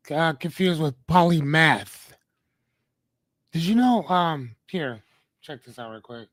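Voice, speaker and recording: A man with a fairly high-pitched voice hosts a podcast from a clean, echo-free studio. He meanders casually, frequently fixing what he just said and speaking directly to the chat.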